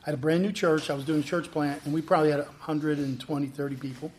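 Animated man telling a pastor's story. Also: on the high side, fast talker, a little hiss or hum. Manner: animated, acts out quoted dialogue. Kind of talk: personal testimony storytelling.

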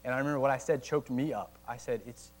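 A man giving a casual, conversational sermon to young adults, animated at times and slowing down to read old quotes aloud. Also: medium pitch, rough recording. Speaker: college ministry teacher. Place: church meeting room.

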